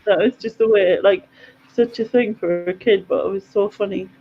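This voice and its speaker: A woman hosts a casual live chat, telling stories in a chatty, lively way. Her voice sits in a middle pitch. The stream audio is dull and lo-fi. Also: moderate pace, slight background noise. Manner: chatty, animated storyteller. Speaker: host.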